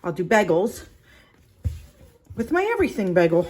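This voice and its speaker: A woman with a somewhat low voice talks casually through a home baking demonstration. She rambles, restarts and fills gaps with "um" and "like." Her voice is a little shaky from working the dough with her hands. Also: a little slow, a little mellow. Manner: chatty, rambling with many fillers and restarts. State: voice shaky from kneading.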